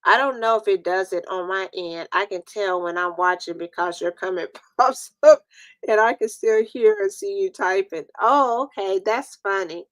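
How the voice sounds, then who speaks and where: A woman's voice: medium pitch, normal speed, no room sound. Chatty New woman hosting a stream. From New York. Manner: laughs often, chatty and playful with viewers. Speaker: host. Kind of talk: casual live-stream chat.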